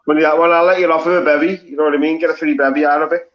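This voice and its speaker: A man with a thick Scouse accent rambles and swears freely, chatting on a live stream panel. His voice sits a little high for a man, and it comes through a slightly muffled, lo-fi call line. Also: steady tone, very fast. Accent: Liverpool Scouse. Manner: blunt, sweary, rambling with restarts. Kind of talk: casual livestream banter. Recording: slightly lo-fi audio.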